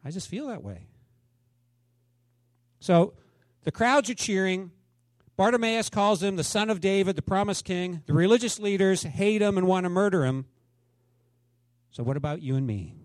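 Man, 50s, pastor, sermon, fairly high voice, dramatic storytelling, loud then hushed, dry recording. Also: animated, moderate pace, long pauses, dry recording.

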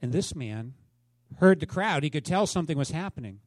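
A man's voice: a little high, lively intonation, brisk, no echo. A man preaching a sermon to his congregation in a conversational way, often asking them questions. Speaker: pastor.

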